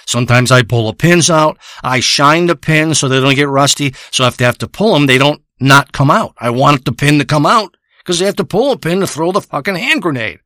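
A man's voice: on the high side, brisk, sharp tone, dry recording, studio quality. A man telling a crude, profane, rambling comedic monologue. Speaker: comedic storyteller.

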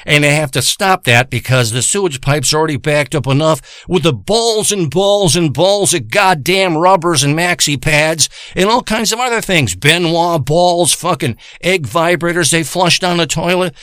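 A man's voice: high-pitched, pushed and bright, no room sound, clean studio sound. A man delivering a crude, heavily profane comic rant full of warnings to the listener.

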